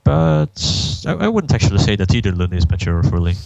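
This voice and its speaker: A man with a very deep voice and a gravelly edge, co-hosting a casual podcast. He talks in a measured way, thinking aloud as he goes. The recording is dry and close. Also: big pitch swings, darkish tone, dry recording, rough recording. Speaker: podcast co-host.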